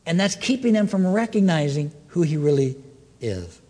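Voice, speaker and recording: A man preaching a sermon, swinging between loud, excited questions and hushed, slow lines. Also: a little high, long reverb tail. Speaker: pastor.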